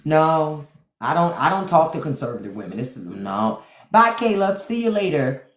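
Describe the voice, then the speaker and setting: A woman's voice: deep voice, big pitch swings, normal speed. Sassy woman streaming live in an echoey room. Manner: sassy, mocking, talks straight to her viewers. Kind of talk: casual live-stream commentary.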